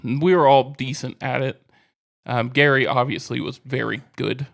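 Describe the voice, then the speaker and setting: A man's voice: mid-range voice, steady tone, normal speed, creaky, a bit bright. A man in his forties co-hosting a casual podcast, easygoing and teasing, laughing often. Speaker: podcast co-host.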